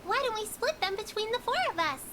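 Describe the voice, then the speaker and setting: A woman's voice: very high-pitched, expressive, quick pace. A woman voicing a polite, caring little girl who speaks formally, heard through game audio. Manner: formal and well-mannered. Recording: game audio with background noise.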